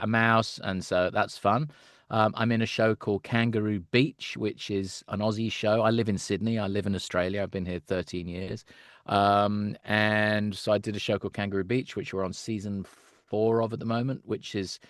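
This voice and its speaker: A middle-aged man, a voice actor, chatting in an interview as an animated storyteller who laughs often and slips into character voices. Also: fairly low pitch, dry recording, studio quality. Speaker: voice actor, guest. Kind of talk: casual interview chat.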